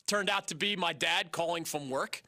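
A man in his fifties hosting a sports talk radio call-in show, telling a story in an animated way and chuckling between lines. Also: on the high side, normal speed.

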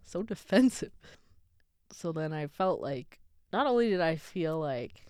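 A woman's voice: deep voice, big pitch swings, unhurried, a little mellow, clean tone, no room sound, studio quality. A woman candidly telling a personal story in a wry, self-mocking way, with sarcastic asides and frequent laughter. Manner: breaks into laughter often. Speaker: vlogger.

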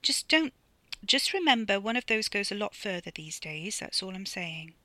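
Woman reading a wry, coaxing woman; bright, dry, close. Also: medium pitch, sing-song, normal speed, no room sound.

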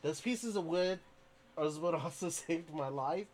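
A man's voice: a little high, measured pace, a little hiss or hum. A man, a podcast guest, tells a story in a casual, rambling way with lots of fillers and restarts.

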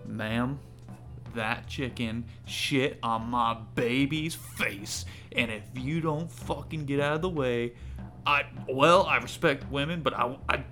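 A hot-tempered, foul-mouthed father voiced by a game master, clipped and seething as he holds himself back. His voice sits in an ordinary middle register with soft music underneath. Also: mid-range voice, slow pace. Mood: furious. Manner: swearing, clipped, barely holding back.

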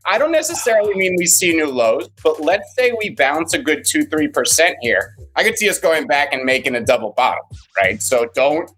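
A man's voice: on the high side, very animated, moderate pace, hardly any pauses, fairly bright tone. A man co-hosting a casual live morning show, explaining trading terms in a rambling, playful way. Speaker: co-host and market commentator. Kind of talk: casual live-stream chat.

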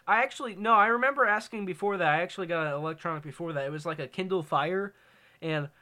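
Teen male podcast co-host, bright and somewhat high voice, rambly casual delivery. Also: fast talker. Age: teens. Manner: rambling, many ums, tangents. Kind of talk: casual chat.

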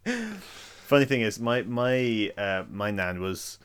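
A man's voice: medium pitch, sing-song, slow pace, smooth. A young man hosting a podcast, asking teasing questions and laughing often, with many restarts. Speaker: podcast host. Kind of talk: casual chat.

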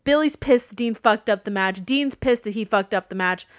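Woman co-host, fairly high voice, blunt and animated, dry close mic. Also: normal speed, dry recording. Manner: animated, blunt, swears freely, acts out quotes. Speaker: podcast co-host. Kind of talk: casual wrestling recap chat.

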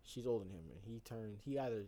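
A man's voice: on the low side, warm tone. A young man co-hosting a podcast, telling stories in profane, joking casual chat. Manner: profane, storytelling, quick comebacks. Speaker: podcast co-host.

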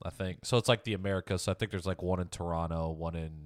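Man, quick talker, lowish voice, laid-back, dry close sound. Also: steady tone, no room sound. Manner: laid-back, says "dude" often. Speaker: podcast co-host. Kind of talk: casual sports chat.

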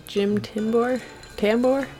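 A woman's voice: a little high, fairly even intonation, slow, warm tone, soft background music. A woman chatting casually as a player in a tabletop role-playing game.

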